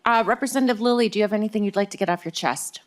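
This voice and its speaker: A woman's voice: medium pitch, racing. A woman chairing a legislative committee hearing, chatty and joking, with many fillers. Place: hearing room.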